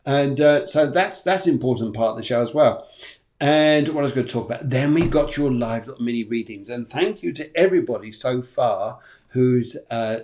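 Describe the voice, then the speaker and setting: A man's voice: medium pitch, a little mellow. A middle-aged man hosting a live show as a medium, chatting loosely with viewers, reading out their comments and greeting them, with many fillers and repeats. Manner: chatty, rambling, full of fillers and repeated phrases. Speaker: host and medium. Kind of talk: casual live-stream chat. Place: home studio in Spain.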